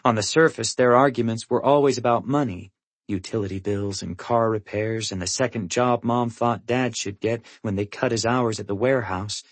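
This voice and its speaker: A man reading a first-person audiobook, in a measured, somber manner. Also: medium pitch, no room sound. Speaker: audiobook narrator.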